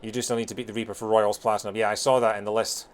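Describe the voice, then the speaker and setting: A man's voice: fairly low pitch, flat delivery, rapid-fire, clean tone. Chatty Scottish man streaming games. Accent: Scottish, softened by years in England. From Scotland. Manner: chatty and rambling, many fillers, frequent laughter. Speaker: video game streamer. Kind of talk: casual chat with viewers during a live game stream.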